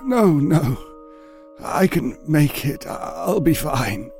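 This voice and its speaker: An actor playing a sinister old man who fakes frailty, speaking in a slow, feeble, pleading way. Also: on the high side, big pitch swings, gravelly, darkish tone, faint music behind, exaggerated voice. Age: older.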